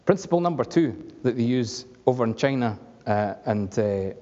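A man's voice: medium pitch, expressive, moderate pace, warm tone. Male preacher in a reverberant hall. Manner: conversational, humorous, asks the congregation questions. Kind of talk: sermon. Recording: dull lo-fi recording with long hall reverb.

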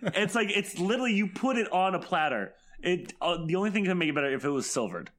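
A man's voice: sits high, animated, quick pace, a bit bright. A man, a guest on a podcast and a game master, telling a story in a laid-back way with lots of fillers. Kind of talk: casual podcast chat.

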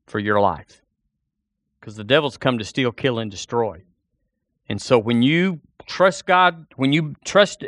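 Preacher guy, lively sermon in church, acts out voices, dry sound. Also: medium pitch, no echo. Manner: animated preaching, acts out a doubter's inner voice. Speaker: pastor.

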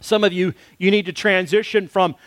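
A man preaching a sermon as pastor in a casual, animated way, acting out quotes as he goes. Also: high voice, normal speed, no echo.

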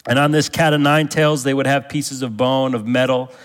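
A man's voice: medium pitch, fairly even intonation, normal speed, long reverb tail. A man preaching a sermon as pastor, emphatic, repeating key phrases and putting questions to the congregation.

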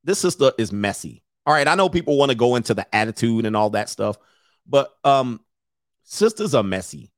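A man's voice: medium pitch, sing-song, normal speed, dry recording, clean studio sound. A man hosting, on a loose, profane comic rant, breaking into put-on voices.

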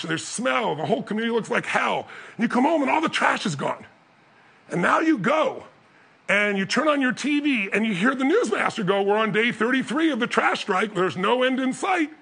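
A man telling a story as a motivational speaker, acting out the other people's voices and building up to loud peaks. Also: very high voice, creaky, husky. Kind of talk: storytelling talk.

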